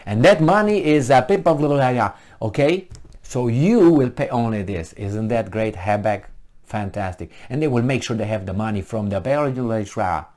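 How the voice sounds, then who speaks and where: A man's voice: mid-range voice, darkish tone. A man giving ranting commentary on a news article, sarcastic, mocking and exasperated. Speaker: political commentator.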